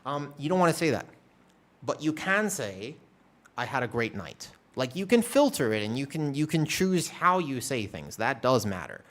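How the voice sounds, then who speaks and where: A man's voice: medium pitch, very animated, moderate pace, fairly bright tone. A man streaming, chatting casually with viewers, rambling and self-deprecating, swearing casually.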